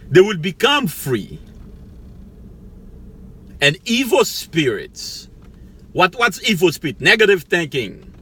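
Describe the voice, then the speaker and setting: A man's voice: high voice, big pitch swings, slow pace, long pauses, sharp tone, breathy edge. A middle-aged man giving a rambling motivational monologue as a life coach, preachy, laughing to himself now and then. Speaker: life coach, channel host.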